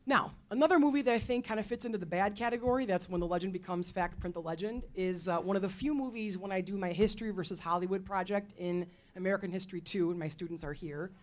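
A woman history teacher speaking on a faculty panel, telling her points in a lively, expressive way with casual fillers. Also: mid-range voice, fast talker, few pauses. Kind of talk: panel talk.

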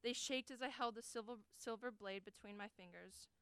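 A young adult woman giving an earnest, deliberate dramatic reading of first-person prose as a college forensics performer. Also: on the high side, a bit bright, smooth, no echo. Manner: earnest, deliberate, emotionally weighted delivery.

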